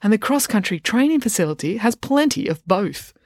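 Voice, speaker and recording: A woman voicing a sweet-sounding but bossy schoolgirl who gives brisk, cheerful orders. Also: medium pitch, big pitch swings, darkish tone, no echo, studio quality, voice pushed up. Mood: cheerfully bossy.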